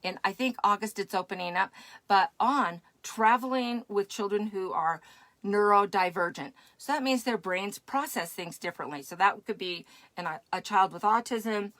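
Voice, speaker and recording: A woman's voice: mid-range voice, moderate pace, a bit bright, dry recording. A woman podcast host talking casually and encouragingly to her live-stream audience. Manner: chatty, encouraging.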